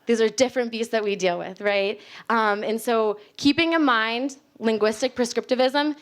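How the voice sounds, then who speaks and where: A young American woman gives a casual, chatty talk on linguistics to a live audience in a library event space, laughing often. Her voice is a little high and her pace is normal.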